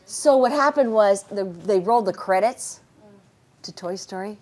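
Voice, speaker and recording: A middle-aged woman, a voice actress, telling casual anecdotes in an animated way and laughing often. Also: mid-range voice, normal speed. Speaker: voice actress and interview guest.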